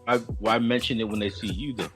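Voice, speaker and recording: A man co-hosting a casual podcast chat who makes dry, low-key remarks. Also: steady tone, quick pace, fairly bright tone, soft background music.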